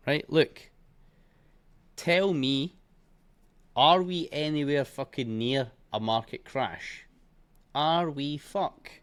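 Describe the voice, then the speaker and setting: A man walking through trading charts in a blunt, heavily profane and scornful way, punctuating points with bursts like boom and bish bash bosh. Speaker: trading educator. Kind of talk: live chart walkthrough.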